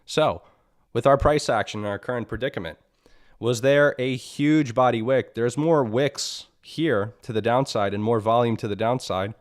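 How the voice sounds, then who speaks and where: Speaking at a moderate pace with a medium-pitched voice, a man hosts a live market analysis stream. His tone is annoyed and blunt, and he repeats things while constantly checking "right?"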